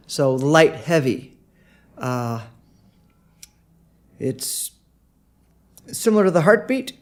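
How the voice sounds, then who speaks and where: A man giving a casual video lesson on songwriting, halting with many fillers and sounding out rhythms as syllables. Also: fairly high pitch, lively intonation. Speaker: songwriting teacher.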